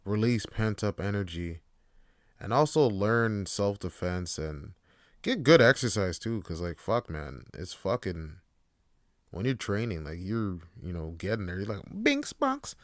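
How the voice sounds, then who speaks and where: A man's voice: on the low side, dry recording, clean studio sound. A young man hosting a podcast in a laid-back, profane monologue full of fillers. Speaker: podcast host. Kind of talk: casual monologue.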